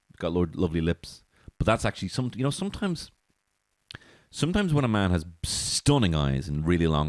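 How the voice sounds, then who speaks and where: A man's voice: sits low, dry recording. A man hosting a comedy podcast, rambling through a profane, giggly monologue on a close mic.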